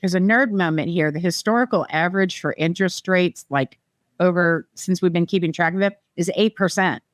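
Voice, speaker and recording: A middle-aged woman from the American Midwest, talking as a real estate guest on a podcast, chatty and quick to laugh. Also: on the low side, no room sound. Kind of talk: casual podcast chat.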